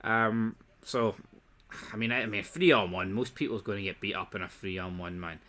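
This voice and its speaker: A man rattles through a casual TV recap in a bright, forceful voice. He is blunt and sarcastic and swears freely. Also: on the low side, normal speed. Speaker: TV episode reviewer.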